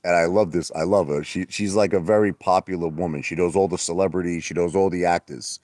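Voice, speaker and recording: A man chatting casually on a livestream, rambling and boastful, sometimes laughing and putting on a mock falsetto. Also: steady tone, brisk, a little mellow, dry recording, studio quality. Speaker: livestream host. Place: outdoor hot tub at night.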